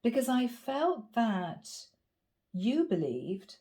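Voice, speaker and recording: Gravelly-voiced woman reading tarot. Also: on the high side, takes it slowly. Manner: chatty, animated storytelling. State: gravelly from a cold. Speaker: tarot reader. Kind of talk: casual spoken tarot reading.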